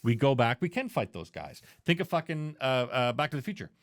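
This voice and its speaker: A man co-hosting a movie podcast, retelling scenes with lots of swearing and little acted bits. His pitch swings widely as he talks. The sound is dry and close, with no room echo. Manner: animated, profane, acts out scenes in quick voices. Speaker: podcast co-host. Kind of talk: casual movie review chat.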